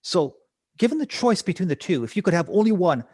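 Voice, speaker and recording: A man's voice: high-pitched, very animated, fairly quick, darkish tone, husky, no room sound, clean studio sound, voice pushed up, heavily acted. A man putting on a male motivational speaker who questions an audience member on stage, upbeat and probing.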